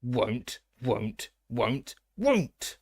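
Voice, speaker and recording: A man voicing a spiteful, stubborn male house elf with a croaking voice that keeps chanting its refusals. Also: medium pitch, very animated, extremely slow, dry recording, full character voice. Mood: stubborn, wailing.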